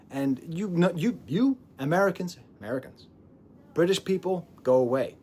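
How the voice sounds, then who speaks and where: A man giving a casual album review as a music reviewer, animated and digressive, laughing often and dropping into whispers. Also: a little high, normal speed, slight background noise.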